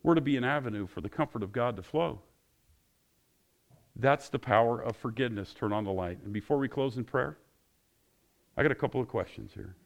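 A male pastor preaching with passion, closing his sermon in prayer and getting louder and higher when excited. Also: brisk, gravelly, pauses often. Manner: passionate, rising loud and high when excited.

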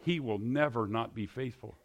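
A man's voice: medium pitch, moderate pace. A male pastor preaching a sermon, pressing his listeners with repeated, emphatic questions.

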